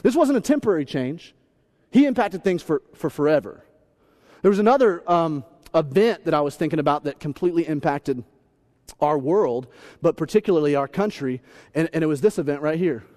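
A man in his thirties giving a humorous sermon as pastor, animated and playful, acting out little voices. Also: fairly high pitch, a little fast.

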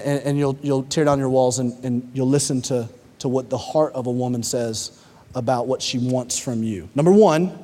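A man in his thirties preaching a sermon, telling stories with lots of animation, getting loud when excited and dropping low for emphasis. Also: in a large hall. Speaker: pastor.

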